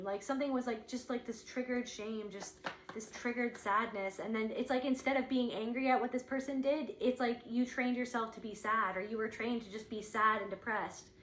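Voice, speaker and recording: A woman's voice: a little high, fairly bright tone, echoey room, slight background noise, poor audio. A woman giving an intuitive spiritual reading, thinking aloud in a searching, rambling way, with lots of "like". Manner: searching, rambling, heavy use of "like".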